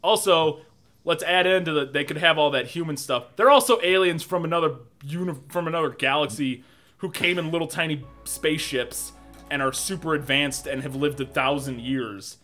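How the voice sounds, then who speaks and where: A young man co-hosting a casual movie review podcast, animated and swearing, often laughing as he talks. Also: a little high, moderate pace, faint music behind. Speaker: podcast co-host.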